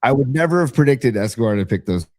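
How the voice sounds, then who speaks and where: A man's voice: mid-range voice, quick pace, no echo. A man co-hosting a sports talk podcast, chatting casually and reading out listener messages. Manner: relaxed, reads listener messages aloud. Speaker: podcast co-host.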